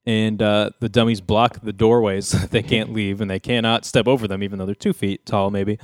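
A man hosting a casual podcast chat, retelling a TV episode with jokes and quick impressions of the characters. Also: on the low side, little pitch movement, no room sound, studio quality. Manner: joking storyteller, mimics characters' lines. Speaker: podcast host recapping a sitcom episode.

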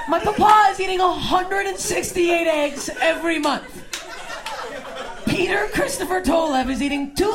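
Gravelly high-voiced woman doing stand-up. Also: background noise. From Canada. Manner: deadpan, swinging between low mutters and loud shouts. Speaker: stand-up comic. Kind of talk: stand-up set. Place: comedy club stage.

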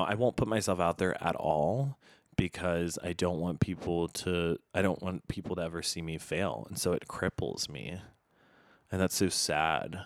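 A man's voice: low-pitched, dry recording, studio quality. A young man hosting his own show, talking through a candid, rambling confessional monologue with lots of swearing and filler words. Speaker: podcast host.

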